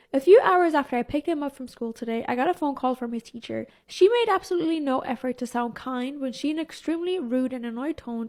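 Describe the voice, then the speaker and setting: A woman narrating posted stories in an even, steady reading voice. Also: high-pitched. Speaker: story narrator.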